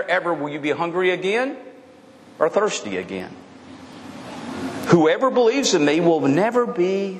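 A man's voice: fairly high pitch, big-room sound. A man preaching an expository sermon, emphatic and repetitive, sometimes restarting his phrases. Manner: emphatic, repeats key phrases, frequent restarts. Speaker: pastor.

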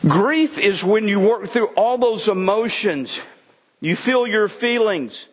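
A man's voice: high voice, slow pace, husky. Folksy male pastor in a reverberant hall. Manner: conversational, folksy, animated with laughs. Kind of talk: sermon.

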